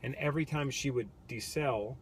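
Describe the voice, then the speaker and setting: A man's voice: medium pitch, moderate pace, a loud crowd. A man in a car telling his baby's birth story as a casual vlog co-host, earnest and reflective, with many restarts. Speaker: vlog co-host, new father. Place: parked car.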